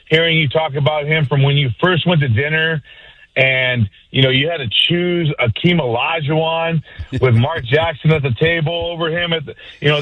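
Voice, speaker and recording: A man's voice: on the high side, dry recording. A man calling in to a radio show and talking in a chatty, laid-back way, heard over a phone line. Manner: laid-back, chatty, calls people bro and boys. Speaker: radio caller. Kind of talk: casual phone call.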